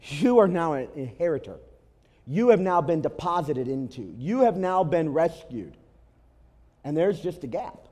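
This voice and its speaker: In church, a man preaching to his congregation speaks at a measured pace with a voice on the high side. He tells an animated story as their pastor and presses his points through emphatic repetition.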